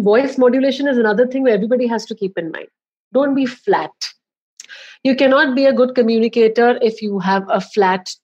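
A woman's voice: fairly high pitch, a little mellow, dull audio. A woman with an Indian accent, a communication coach giving emphatic, instructive advice with examples in a podcast interview.

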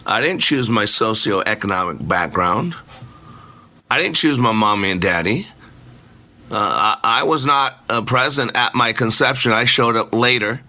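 Bright, emphatic man hosting motivational radio. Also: fairly low pitch, lively intonation, a little slow. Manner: preacherly, emphatic, jokey asides. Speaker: radio show host.

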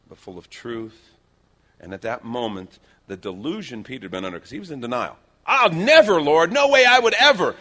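A man preaching a sermon, telling stories with lively shifts into acted-out quotes. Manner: animated storytelling, acts out quotes with big pitch swings. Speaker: pastor.

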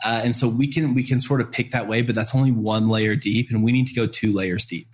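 A man's voice: mid-range voice, steady tone, fairly quick, slightly rough. Earnest man explaining with frequent "uh"s. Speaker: guest speaker on parenting. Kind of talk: casual storytelling and explaining.

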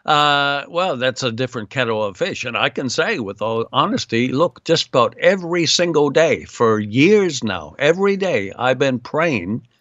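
A man's voice: mid-range voice, animated, moderate pace, few pauses, fairly bright tone, dry recording. A man giving blunt, sarcastic political commentary as a guest, full of uh fillers, heard over a remote line. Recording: dull lo-fi dry line.

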